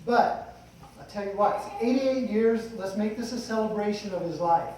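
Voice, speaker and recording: A man's voice: high voice, moderate pace, a little mellow. A middle-aged man giving a rambling, folksy eulogy for his father, mixing light humor with emotion. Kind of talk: funeral eulogy speech. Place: funeral hall. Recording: echoey hall, distant mic, faint noise.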